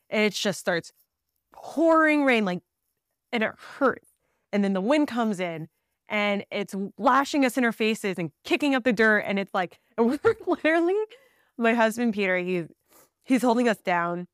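Chatty woman telling a lively story. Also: mid-range voice, dry recording, studio quality. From Southern California. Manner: animated, laughs often, many fillers. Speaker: podcast guest. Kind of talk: casual storytelling.

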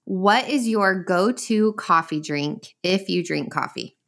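A woman co-hosting a faith podcast, asking interview questions in a measured way. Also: mid-range voice, expressive, a bit bright. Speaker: podcast co-host. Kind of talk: scripted intro and interview questions.

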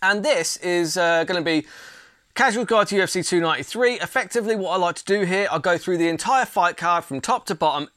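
Blunt, chatty man, higher voice. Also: a little fast, fairly bright tone, no echo, studio quality. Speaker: MMA channel host. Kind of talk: casual fight card preview.

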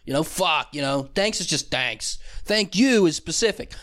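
A young man hosts his own podcast solo, delivering a rambling, profane comedic rant and mimicking people in a raised voice. His voice is a little high and a bit bright, animated, at normal speed with hardly any pauses.

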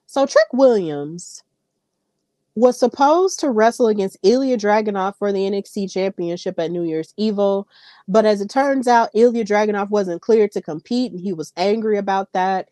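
A woman hosts her own podcast and talks straight to her listeners in a casual, animated way. Her voice sits at a middle pitch and is recorded close and dry, with no room sound. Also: no echo. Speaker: podcast host. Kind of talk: casual wrestling commentary.

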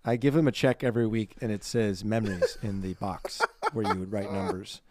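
A man's voice: on the low side, a little fast, a little mellow, slight background noise. A man co-hosting a podcast in casual chat, upbeat and chatty with lots of fillers. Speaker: podcast co-host.

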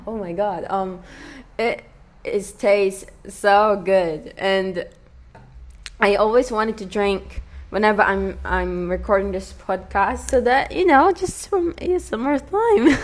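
A young woman hosting her own podcast, chatting in an earnest, rambling way with many fillers and restarts, her British accent put on over an American-style base. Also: medium pitch. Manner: earnest, soft-spoken, with frequent light laughs. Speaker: podcast host. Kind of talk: casual solo podcast talk.

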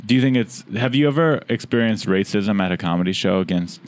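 Host, man, lower voice, short casual questions. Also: lively intonation, fairly quick, dry recording. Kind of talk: casual podcast chat.

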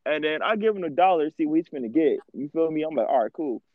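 A man spinning a casual story in loose slang, laughing along as he talks. His voice sits a bit high and comes through dull and dry, as if close to a cheap mic in a small room. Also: animated, fast talker, dry recording. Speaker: podcast co-host.

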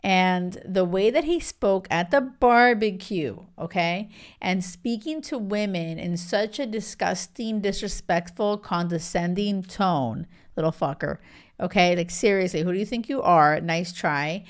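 A woman in her thirties hosting a casual reality TV recap, gushing and animated with lots of filler words. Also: fairly low pitch, unhurried. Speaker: podcast host.

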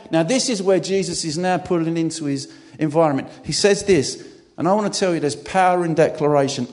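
A man giving a sermon as a guest preacher, emphatic and given to sudden loud outbursts. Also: on the high side, fairly quick. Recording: long church-hall reverb.

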